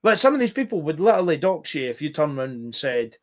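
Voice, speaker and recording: A man's voice: on the high side, big pitch swings, fast. A man talking as a guest in casual podcast chat, swearing often and rambling emphatically.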